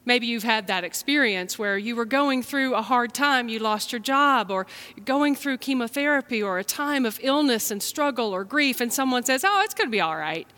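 Gentle storytelling woman pastor. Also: fairly high pitch, moderate pace. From United States. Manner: gentle, storytelling, speaks straight to listeners. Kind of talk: children's story and sermon.

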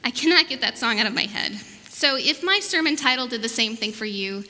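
Bright-voiced woman pastor. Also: fairly high pitch, animated, brisk. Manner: warm, coaxing, asks questions. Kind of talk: children's message and sermon. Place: church sanctuary. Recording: reverberant church hall, faint noise.

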